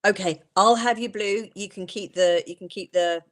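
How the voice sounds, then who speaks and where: A woman's voice: medium pitch, normal speed. Playful woman asking questions. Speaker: interviewer. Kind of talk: casual chat on a live stream.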